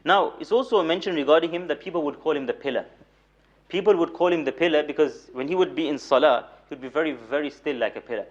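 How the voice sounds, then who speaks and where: A young man lecturing in a mosque as a moulana, telling stories with light humor, repeating words for emphasis and reciting Arabic rapidly. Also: on the high side. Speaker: moulana giving a weekly lecture. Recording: dull lo-fi recording.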